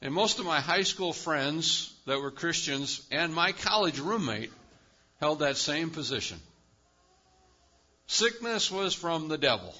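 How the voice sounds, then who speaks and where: A male pastor preaching a sermon with emphatic delivery, swinging between loud, high-pitched bursts and quiet, low drops. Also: expressive, unhurried, muffled recording. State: lives with chronic pain.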